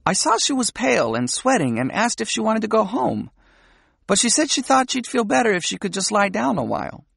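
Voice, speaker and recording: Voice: medium pitch, very animated, fairly quick, vocal fry, a bit bright, slightly rough, dry recording, studio quality. An audiobook narrator reading a novel aloud, telling the story in an intimate first-person way.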